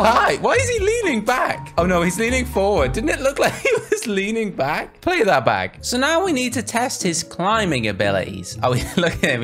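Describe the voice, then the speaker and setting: Man from wales doing excited game commentary, voice jumps all over, game music going behind. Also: high voice. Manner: excitable, laughing, talking to the game characters. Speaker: gaming YouTuber.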